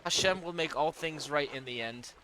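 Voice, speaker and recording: Gentle young letter-writer read by a male gamer, slightly higher voice, noisy recording. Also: moderate pace. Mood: earnest. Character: earnest young woman writing a kind letter.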